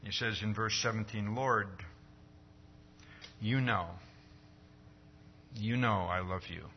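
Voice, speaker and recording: A man preaching a sermon in an easy, conversational way, checking in with his listeners by asking "See?" He lifts his voice when he acts out quoted exchanges. The recording is slightly dull, with a faint hum behind him. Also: takes it slowly. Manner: acts out quoted dialogue with rising pitch.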